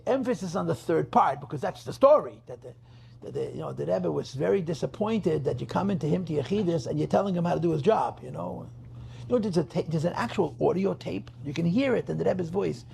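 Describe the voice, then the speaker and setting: A man's voice: fairly high pitch, expressive, fairly quick, vocal fry, darkish tone, a little hiss or hum. A rabbi telling a story at a gathering, emphatic, repeating his phrases and mixing in Yiddish terms. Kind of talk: farbrengen storytelling talk.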